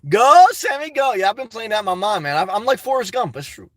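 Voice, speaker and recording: A high-pitched man rambles through viewer comments on a live stream, joking and laughing easily and peppering his talk with "man" and "guys". He streams from inside a parked car, and the sound is close and dry with no room around it. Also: very animated, fast talker, fairly bright tone, dry recording.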